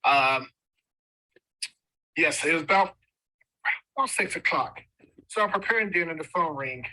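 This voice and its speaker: A man tells his own story of hardship as a guest speaker. He gets emotional and repeats key words for weight. His voice sits a little high and rings very bright and forceful. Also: expressive, a little slow, rough recording. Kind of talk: personal testimony.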